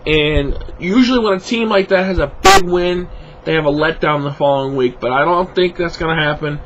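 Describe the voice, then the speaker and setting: This sports vlogger's fairly high, fairly bright voice moves a little fast through his football picks, recorded with dull audio and a slight hiss or hum. He sounds sleepy and yawns, rambling with many fillers and restarts.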